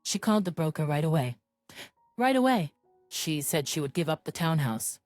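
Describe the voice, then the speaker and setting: A woman narrating a first-person story in an even, measured scripted reading. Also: sits low, no echo, clean studio sound.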